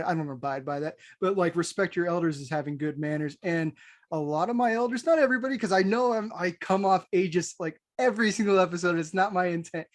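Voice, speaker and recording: An American man co-hosting a podcast, talking bluntly and swearing freely, with frequent laughs. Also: sits high. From United States. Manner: blunt and profane, laughs often. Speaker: podcast co-host. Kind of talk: casual chat.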